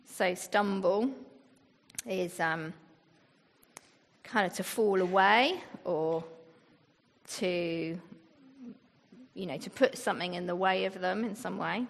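A woman's voice: lowish voice, slow, vocal fry, long pauses. A woman giving a conversational sermon to a church gathering, reading scripture and explaining it. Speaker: church speaker. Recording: long hall reverb.

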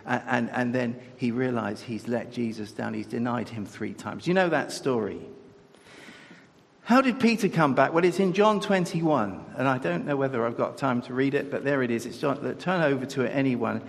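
A man's voice: mid-range voice, normal speed, creaky. A man preaching a sermon in a conversational way, asking his listeners rhetorical questions. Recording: echoey hall.

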